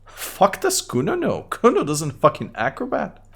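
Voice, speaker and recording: A man doing a squeaky foul-mouthed street kid. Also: huge pitch swings, unhurried, gravelly, breathy edge, full character voice. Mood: belligerent. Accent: Bulgarian. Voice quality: high-pitched squeaky put-on voice. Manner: crude, belligerent, talks about himself in third person. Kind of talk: game dialogue read aloud on stream.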